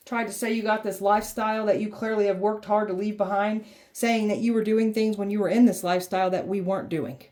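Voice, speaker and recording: A woman with a mellow, dark-toned voice delivers a tarot reading. She talks bluntly and sassily, swearing freely and mocking, and her pitch sits mid-range for a woman. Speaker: tarot reader.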